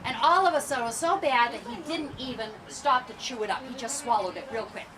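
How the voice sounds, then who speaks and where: Animated woman storyteller on an outdoor stage. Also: fairly high pitch, fast talker. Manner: animated, asks the audience questions. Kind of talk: storytelling to children. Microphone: far camera. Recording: distant camera, outdoor crowd noise.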